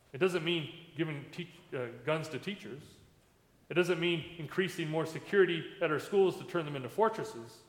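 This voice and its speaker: A man, a pastor, giving a sermon in a conversational preaching manner, recorded in a church sanctuary. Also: on the high side. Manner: conversational preaching with plain everyday comparisons. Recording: echoey church hall with long reverb.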